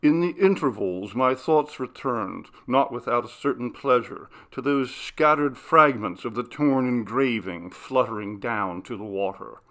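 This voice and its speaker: A man reads a classic ghost story aloud. His delivery is slow and deliberate, with a mid-range voice. The reading carries quiet dramatic weight. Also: mid-range voice. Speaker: audiobook narrator. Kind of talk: scripted narration of a ghost story.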